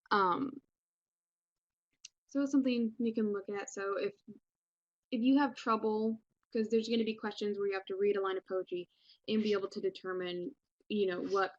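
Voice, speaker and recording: A woman's voice: medium pitch, dry recording, muffled recording. A young woman teaching a recorded English lesson in a casual, chatty way, with many ums and restarts. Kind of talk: recorded online class lesson.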